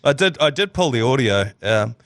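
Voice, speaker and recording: A man's voice: mid-range voice, big pitch swings, moderate pace, a bit bright, no echo. A man with a New Zealand accent hosting a sports podcast in a rambling, joking way and laughing often. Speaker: podcast host. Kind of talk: casual sports chat.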